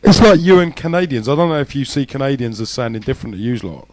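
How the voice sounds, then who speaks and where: A man's voice: medium pitch, animated, fast talker, a little mellow, no echo. A man with a Southern English accent co-hosting a casual online radio show, joking crudely and laughing often. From Southern England. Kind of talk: casual banter.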